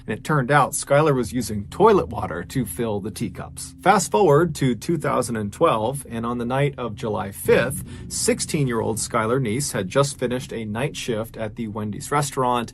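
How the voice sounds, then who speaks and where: A man's voice: mid-range voice, expressive, normal speed, hardly any pauses. A man telling a true-crime story in a casual, conversational way, with frequent filler phrases. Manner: casual, conversational, many "you know" fillers. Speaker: host and storyteller.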